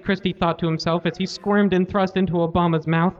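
A man hosting a comedy podcast, giving a deadpan live reading of a story. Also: sits high, a little fast, slight background noise. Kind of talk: live reading of fan fiction. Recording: lo-fi live recording.

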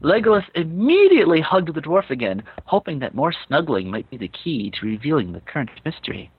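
Male host, comic dramatic reading, lively delivery, close dry mic. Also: on the high side, brisk, breathy edge, dry recording, phone-quality sound. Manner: reads with breaks to laugh and comment. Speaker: podcast host reading fan fiction aloud.

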